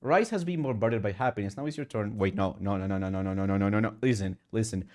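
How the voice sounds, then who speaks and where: A male streamer chatting emotionally and excitably while gaming, with sudden high outbursts. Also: fast talker. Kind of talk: casual live-stream chat while gaming.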